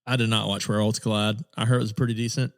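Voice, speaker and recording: A man's voice: fairly low pitch, little pitch movement, fast talker, creaky. A man co-hosting a wrestling podcast, chatting casually with plenty of fillers and restarts. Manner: rambling, many fillers and restarts, laughs often. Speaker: podcast co-host. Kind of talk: casual chat.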